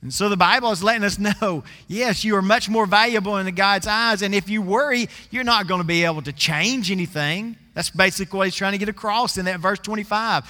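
Bright-voiced preacher in a reverberant hall. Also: male voice, sits high, fairly quick, few pauses. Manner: folksy storytelling, stretches out scripture words for emphasis. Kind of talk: sermon.

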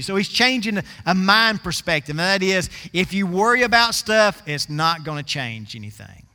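A man's voice: sits high, expressive, measured pace, sharp tone, in a large hall. A man preaching a sermon, telling a folksy story and stretching out scripture words for emphasis.

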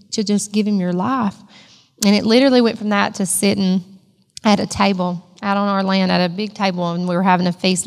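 Gravelly-voiced woman giving her church testimony, emotional, long hall echo. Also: mid-range voice, darkish tone. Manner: emotional, storytelling. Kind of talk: personal testimony.

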